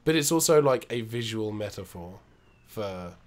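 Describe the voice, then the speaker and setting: A man co-hosting a retro video game show comments casually while playing, rambling and knowledgeable, with many restarts. His lowish voice is expressive and moves at a moderate pace.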